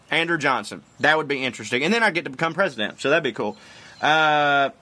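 A man's voice: a little high, bright, forceful tone. Chatty, profane man on his porch. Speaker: podcast host answering fan questions. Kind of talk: casual Q&A monologue. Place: outdoors on a porch.

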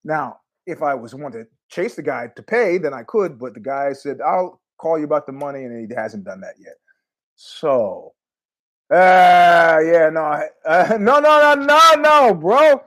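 Male podcast host, loose rambling solo talk, salty language, a touch high-pitched. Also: measured pace. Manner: rambling, profane, animated asides. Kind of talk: casual monologue.

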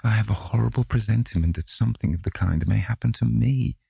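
A man reading aloud and voicing a troubled, anxious young gentleman in a storybook reading. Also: fairly low pitch, fast talker, gravelly, husky, no room sound, studio quality, voice pushed up, heavily acted.

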